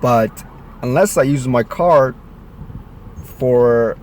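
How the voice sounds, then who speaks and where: Chatty man faking a southern drawl. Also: mid-range voice. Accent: put-on southern American. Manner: chatty, rambling, putting on a southern accent. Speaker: vlogger. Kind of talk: casual vlog talk to camera. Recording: noisy phone vlog audio.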